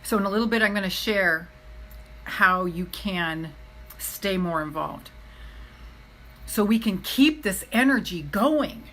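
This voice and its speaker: A woman's voice: medium pitch, animated, slow pace, pauses often, pushed and bright, poor audio. A middle-aged woman giving a live motivational talk as a self-love coach. She speaks earnestly and chattily, repeats her key phrases for emphasis, and keeps addressing her viewers directly.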